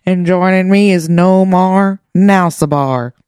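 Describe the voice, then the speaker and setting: A woman's voice: on the low side, takes it slowly, a little mellow, no room sound. A woman co-hosting a podcast in a playful casual chat, laughing often. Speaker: podcast co-host.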